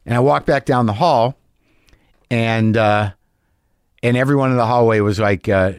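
A man's voice: medium pitch, moderate pace, no room sound, studio quality. A middle-aged man, a stand-up comic hosting his podcast, telling a story candidly and with lots of swearing, acting out both sides of an argument. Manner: confessional, profane, acts out both sides of an argument. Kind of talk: candid monologue.

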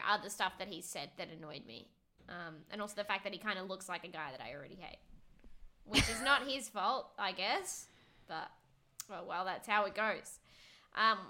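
A woman's voice: medium pitch, bright, forceful tone. A woman co-hosting a podcast, blunt and wry in casual chat, swearing freely. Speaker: podcast co-host.

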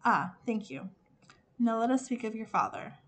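A woman's voice: fairly high pitch, lively intonation, normal speed, fairly bright tone. Woman voicing a chattering old fairy. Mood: chatty. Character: chatty vain old fairy princess, endlessly talking.

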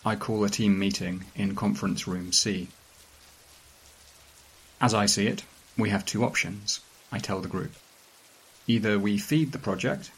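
A man reading a strange first-person story aloud in a calm, dry, measured way. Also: on the low side, vocal fry, slightly rough, rough recording. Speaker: narrator. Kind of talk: scripted narration of a weird fiction story.

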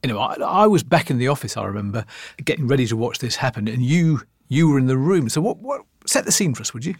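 A man hosting and narrating a documentary podcast in a measured storytelling manner. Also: mid-range voice, lively intonation, slightly rough, dry recording, studio quality. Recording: narration with faint music underneath. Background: faint music.

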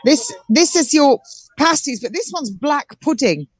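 Speaking a little slowly in a high, animated voice, this southern English woman tours an outdoor market while on the phone as a guest on a live call-in show. Her chat is lively and full of restarts, and the recording is dry.

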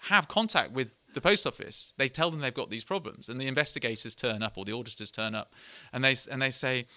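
A man's voice: mid-range voice, brisk, pushed and bright, dry recording. A middle-aged man from England giving a live book talk, speaking earnestly and candidly, with self-deprecating asides, and reading passages aloud to an audience.

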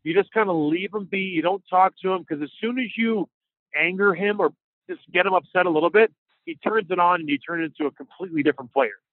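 A man's voice: sits high, fast talker, no echo. A man co-hosting a casual sports podcast, chatting in a playful, rambling way. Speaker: podcast co-host. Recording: dry, tinny phone-like line.

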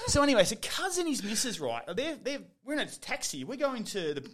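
A man's voice: extremely high pitch, fairly quick. A middle-aged Australian man telling stories in a casual chat, acting out what others said and laughing often. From Western Australia. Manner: animated storyteller, acts out quotes, laughs often. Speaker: podcast guest, former footballer.

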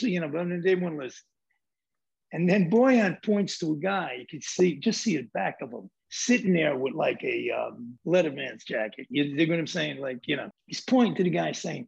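A New York man with a gravelly, husky voice and a slightly high pitch, rambling through profane anecdotes with street swagger. He talks casually as a film director guest. The recording sounds dull and lo-fi. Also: lively intonation, normal speed. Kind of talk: casual storytelling.

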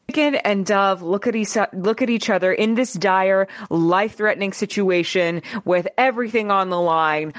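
A young woman co-hosting a podcast, riffing through a comic improvised story in an animated, quick way. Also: mid-range voice. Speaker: podcast co-host. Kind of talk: casual comedic improv storytelling.

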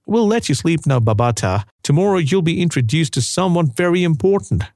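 Guy reading as a stern soviet secret agent, pitch bouncing around. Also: lively intonation, a little fast, darkish tone, no room sound, clean studio sound.

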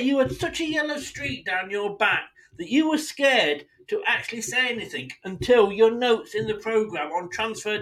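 A man's voice: high-pitched, pushed and bright, poor audio. A man hosting a football fan podcast, delivering an indignant, sweary solo rant addressed straight at his club's owners.

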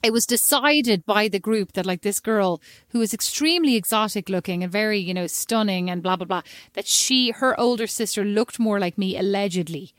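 A young woman with an Irish accent, co-hosting a casual chat and telling an animated, self-mocking story, acting out voices as she goes. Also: medium pitch, moderate pace, hardly any pauses, dry recording, clean studio sound. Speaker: podcast co-host.

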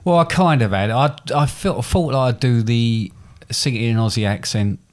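A man's voice: medium pitch, moderate pace. A man chatting casually as a podcast co-host, rambling and self-deprecating, with hesitant restarts. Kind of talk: casual chat.

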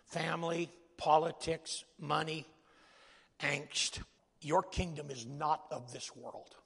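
A man preaching a sermon in a folksy, joking way, rising to loud emphatic calls. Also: on the high side, takes it slowly, creaky, breathy edge, long reverb tail.

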